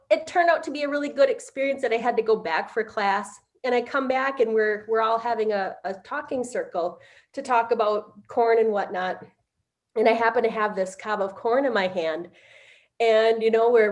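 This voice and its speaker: Middle-aged woman, higher register, unpolished storyteller who stops and restarts often. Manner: halting, full of fillers and restarts. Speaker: interviewee. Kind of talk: casual storytelling.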